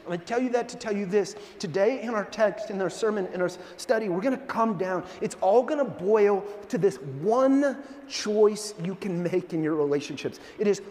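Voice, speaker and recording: Male pastor, high voice, animated storyteller, long hall reverb. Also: normal speed. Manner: animated storyteller, acts out voices, frequent restarts. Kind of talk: sermon storytelling.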